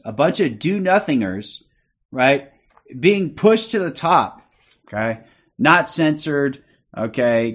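An agitated man rants through a livestream, cursing and repeating himself as he piles up complaints. He keeps stopping to demand "okay?" from his listeners. His voice sits at a middling male pitch, and the stream audio is dull and lo-fi. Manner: agitated, profane, repetitive, punctuates with "okay?". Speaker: livestream host. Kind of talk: ranting livestream commentary.

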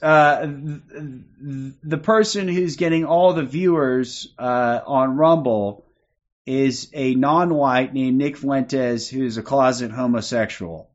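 An agitated man rants through a livestream, cursing and repeating himself as he piles up complaints. He keeps stopping to demand "okay?" from his listeners. His voice sits at a middling male pitch, and the stream audio is dull and lo-fi. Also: slow pace. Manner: agitated, profane, repetitive, punctuates with "okay?". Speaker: livestream host. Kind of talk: ranting livestream commentary.

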